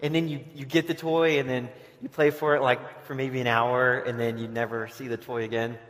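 A man's voice: medium pitch, level tone, normal speed, a bit bright. A man giving a casual sermon to a camp audience, telling stories and restarting his sentences often. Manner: conversational, restarts often, acts out quoted voices. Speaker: camp speaker. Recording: long hall reverb.

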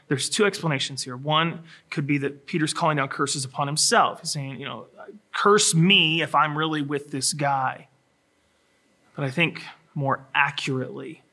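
A man preaching a sermon, acting out scripture in a dramatic voice that drops low and rises to a shout. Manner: dramatic voicing of scripture, swinging from hushed to shouting. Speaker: pastor.

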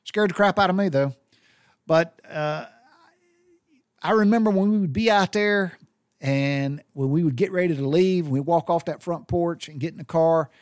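A man's voice: a little high, moderate pace, no room sound, studio quality. Middle-aged Southern man telling a heartfelt story. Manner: rambling and heartfelt, with many restarts. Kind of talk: personal storytelling.

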